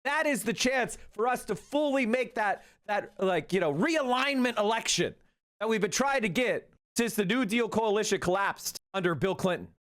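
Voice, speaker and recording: A man with a high voice hosts a political livestream. He talks casually, profanely, and animatedly, throwing in rapid asides.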